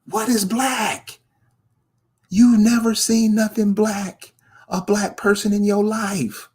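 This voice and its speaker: A man's voice: sits high, fairly even intonation, slow pace, a little mellow, slightly rough. A man delivering a confrontational commentary, firing rhetorical questions straight at the viewer. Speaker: online commentator. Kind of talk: ranting commentary to camera.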